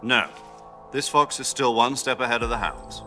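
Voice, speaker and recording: An actor playing a veteran commander speaking in a dry, understated, wry manner over game cutscene music. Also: male voice, mid-range voice, moderate pace, sharp tone, natural voice. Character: wry veteran male commander visiting a patient.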